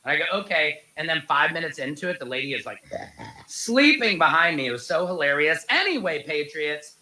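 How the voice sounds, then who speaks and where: A man's voice: fairly high pitch, very animated, brisk, bright, forceful tone, poor audio. A man telling a story in a casual, jokey vlog and calling his viewers Patriots. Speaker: online commentator.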